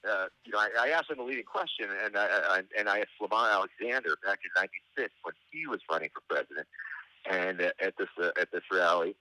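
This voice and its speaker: Middle-aged male guest, rambling anecdotal storyteller, wry and halting, lowish voice with a very bright, forceful edge, dry close sound. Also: expressive, no echo, rough recording. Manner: meandering, halting delivery with frequent hesitations. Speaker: interview guest.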